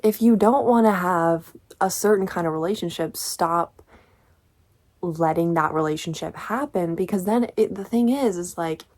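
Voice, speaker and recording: A woman's voice: fairly low pitch, moderate pace, a little mellow. A woman in her twenties talking casually through a book review, chatty and exasperated, with lots of filler words.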